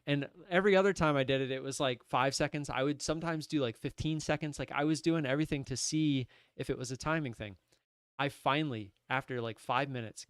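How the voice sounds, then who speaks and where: A young man telling a rambling, animated story on his trading livestream from his desk at home. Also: medium pitch, clean tone, no room sound, studio quality. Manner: animated, rambling, many restarts and "I'm like". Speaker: livestream day trader. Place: home room at a computer desk.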